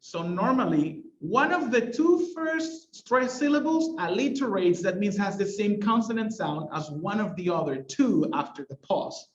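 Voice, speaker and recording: Male teacher, explanatory lesson, high voice, roomy slightly dull recording. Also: lively intonation. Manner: explanatory, reads verse lines slowly with exaggerated stresses.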